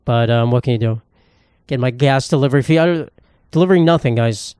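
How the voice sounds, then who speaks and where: A man's voice: medium pitch, brisk, a little mellow, clear, resonant tone, dry recording, studio quality. A young man, hosting a solo comedy podcast in a profane, sarcastic, rambling rant. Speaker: podcast host.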